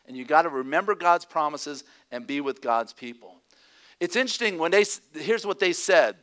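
A male pastor preaching a sermon in an animated way, sometimes dropping to a hushed, near-whispered tone. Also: a little high, normal speed.

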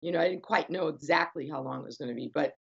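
A woman's voice: low voice, fast, gravelly, breathy edge, dull audio. A woman musician chatting casually in an interview, rambling with plenty of fillers and restarts. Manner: chatty and rambling, with many fillers and self-corrections. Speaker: guitarist and stage musician.

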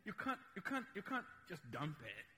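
A man from Uganda with a Ugandan accent and Luganda as his first language, preaching a slow, emphatic, playful sermon in a church. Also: high-pitched, huge pitch swings, breathy edge, big-room sound. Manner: slow, emphatic, dynamic in loudness, playful teasing.

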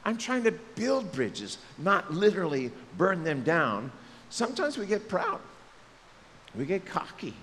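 A male pastor giving a lively sermon, joking and acting out quotes in different voices. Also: high-pitched, unhurried, big-room sound, a little hiss or hum. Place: church sanctuary.

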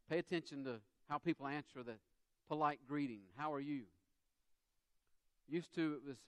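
A man's voice: mid-range voice, brisk, dry recording. A man with a Southern US accent preaching a sermon, acting out quotes and everyday dialogue as he goes. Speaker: pastor.

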